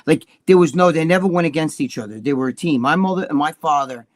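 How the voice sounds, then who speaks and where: A man's voice: fairly high pitch, fast talker. Blunt, profane New Jersey man. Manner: blunt, profane, storytelling with voiced quotes. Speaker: co-host. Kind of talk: casual livestream chat.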